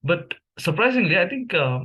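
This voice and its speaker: A man's voice: high-pitched, sing-song, normal speed, bright, forceful tone, lo-fi sound. Young indian guy, malayalam speaker, rambling casual vlog talk, lots of ums and restarts. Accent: Indian English. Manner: musing, hesitant, many fillers and restarts. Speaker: language vlogger. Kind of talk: casual commentary reviewing memes.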